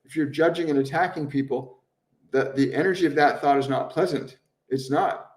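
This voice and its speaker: Earnest man, slightly high voice, echoey room. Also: normal speed, darkish tone, recorded from a distance. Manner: repeats phrases over and over for emphasis. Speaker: spiritual medium hosting a live stream. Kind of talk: live-stream channeling, answering viewer chat. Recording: roomy echo, voice somewhat off-mic.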